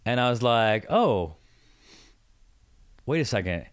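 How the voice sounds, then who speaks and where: A man of middle pitch with a very lively, swinging voice tells a story as a podcast guest. He acts out the voices of the people he quotes. The recording is close and dry. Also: slow, smooth, no echo. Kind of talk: casual storytelling chat.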